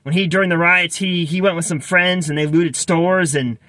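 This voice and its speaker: An annoyed young woman cashier vents to customers, her voice pitched up and bright. A man puts her on while retelling a story. She talks in quick, chatty bursts. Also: steady tone, no echo. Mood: indignant.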